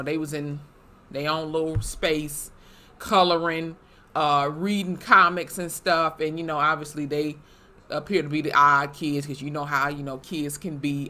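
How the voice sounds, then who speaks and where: Young female vlogger, bright edgy tone, animated profane recap delivery. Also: low voice. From Wisconsin, USA. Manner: animated, swearing, lively asides. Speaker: YouTube TV reviewer. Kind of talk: casual episode recap.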